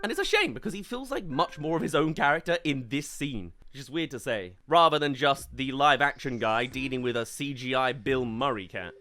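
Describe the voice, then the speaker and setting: A man's voice: mid-range voice, expressive, brisk, few pauses, pushed and bright. A young man giving a comedic, sarcastic film review commentary. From United Kingdom. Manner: sarcastic and wry.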